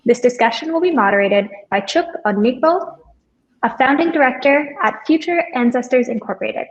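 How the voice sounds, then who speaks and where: A woman's voice: fairly high pitch, dull audio. A woman hosting an online event, giving friendly announcements and reading out introductions with occasional ums. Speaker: event host.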